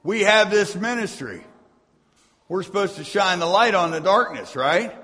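A man's voice: high voice, animated, unhurried, sharp tone. A man preaching a sermon as pastor, reading scripture aloud and tossing asides to his congregation in a church sanctuary. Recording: long hall reverb.

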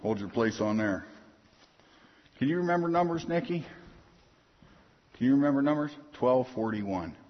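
A man's voice: mid-range voice, expressive, moderate pace, pauses often. A man preaching an informal sermon, folksy and punchy, often asking the congregation if they are hearing him. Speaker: pastor. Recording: dull lo-fi sound, long hall reverb.

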